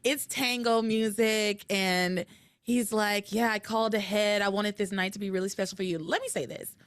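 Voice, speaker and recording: A woman hosting a podcast, recapping episodes in casual chat with animated storytelling and frequent laughter. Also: medium pitch, normal speed, clean tone, no echo. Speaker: podcast host.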